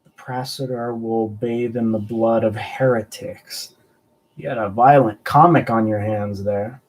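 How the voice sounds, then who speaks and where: A man's voice: lowish voice, fairly even intonation, measured pace. A man hosting a casual live stream, joking around and answering viewer chat in a rambling way. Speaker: host of a collectibles live stream.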